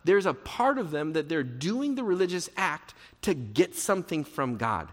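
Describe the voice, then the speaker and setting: Lively preaching man in a reverberant hall. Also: moderate pace. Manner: expressive preaching, acting out quoted prayers with rising pitch. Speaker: pastor. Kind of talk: sermon.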